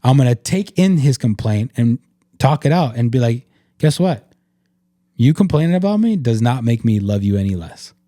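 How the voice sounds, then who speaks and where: A man in a casual faith-based podcast talk, with a mellow, warm tone. He speaks in an earnest, reflective way, and his sentences are loose and full of "like." The sound is dry, with no room around it. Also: mid-range voice, very animated, moderate pace, no room sound. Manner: reflective, earnest, filler-heavy with frequent "like". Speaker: podcast host.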